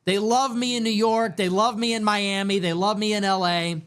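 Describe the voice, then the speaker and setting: A man's voice: high voice, fairly even intonation, moderate pace, fairly bright tone. A man hosting a livestream, brash, profane and swaggering as he tells boastful stories. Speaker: livestream host.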